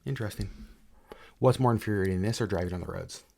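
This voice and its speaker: A woman's voice: a bass voice, fast, gravelly, darkish tone, husky. A woman co-hosting a casual podcast chat, playful and teasing, rambling with plenty of fillers. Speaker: podcast co-host.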